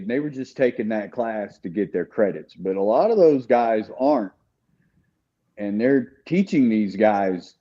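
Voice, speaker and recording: Male guest with a mellow, dark tone, earnest and candid, recorded on dull lo-fi audio. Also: mid-range voice. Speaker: guest telling his story. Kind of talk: casual conversation.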